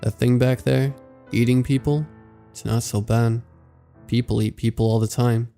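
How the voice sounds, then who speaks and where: A man voicing a rotting undead male DJ who speaks in a quiet, hollow, fatalistic way. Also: mid-range voice, little pitch movement, moderate pace, vocal fry, soft background music, close to an everyday voice. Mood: bleak.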